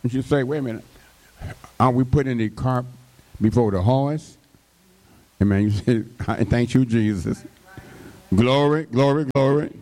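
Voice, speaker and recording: A man's voice: medium pitch, unhurried, long pauses, mellow. A man preaching a sermon, drawing out his words and breaking in with frequent call-and-response interjections to the congregation.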